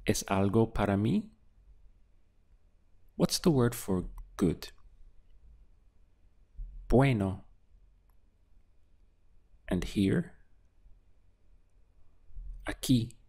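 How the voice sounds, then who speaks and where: A man teaching a beginner language lesson, asking patient prompts and then giving clear model answers. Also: on the low side, expressive, drawn-out words, long pauses, a little mellow. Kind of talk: slow, deliberate language lesson with pauses.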